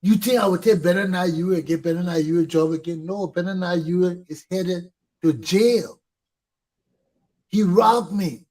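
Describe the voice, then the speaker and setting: A man's voice: high-pitched, moderate pace, a little mellow, low-quality recording. A middle-aged man with a Liberian English accent hosting a talk show, speaking in a fiery way, repeating points for emphasis and swearing. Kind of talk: impassioned talk show monologue.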